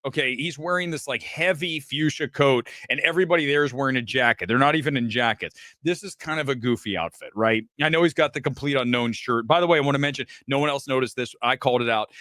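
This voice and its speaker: A middle-aged man from Ohio who hosts a film show, giving casual, profane livestream commentary and swinging between loud outbursts and low asides. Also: quick pace, few pauses, no room sound, studio quality. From Ohio, USA. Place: home studio, speaking to a laptop.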